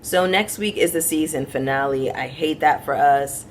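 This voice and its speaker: A woman's voice: sits low, normal speed, a little hiss or hum. A woman chatting casually to her viewers as she recaps a reality TV episode, opinionated and talking straight to her audience.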